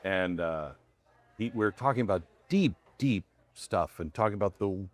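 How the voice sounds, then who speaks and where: A man's voice: low-pitched, lively intonation, moderate pace. A man who works as a radio host, chatting as a guest and telling earnest, reflective stories. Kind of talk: casual chat, storytelling. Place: diner.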